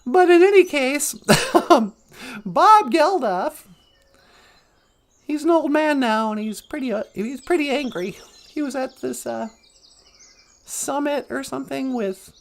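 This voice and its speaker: Gravelly high-voiced sarcastic woman. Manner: sarcastic, laughs between jokes, slips into mocking voices. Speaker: podcast host. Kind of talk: comedic live-stream monologue.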